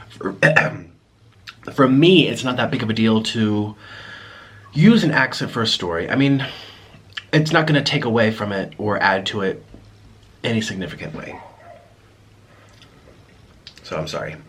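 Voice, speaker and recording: A man's voice: fairly low pitch, lively intonation, a little slow, long pauses, a bit bright. A man hosting an eating vlog, chatting casually and apologetically between bites, sometimes talking with food in his mouth. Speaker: mukbang vlogger. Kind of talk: casual talk while eating on camera.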